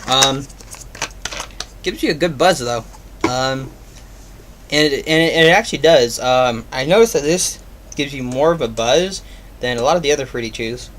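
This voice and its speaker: A man at a middle pitch gives a loose, casual review. He rambles and fills pauses with ums and uhs, and a faint hiss sits under his voice. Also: lively intonation, a bit bright. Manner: rambling, filler-heavy, offhand. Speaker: product reviewer.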